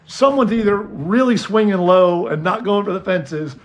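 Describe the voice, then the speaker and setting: A man's voice: high voice, animated, normal speed. A man co-hosting a casual chat, telling a story and acting out both sides of his phone calls. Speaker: podcast co-host.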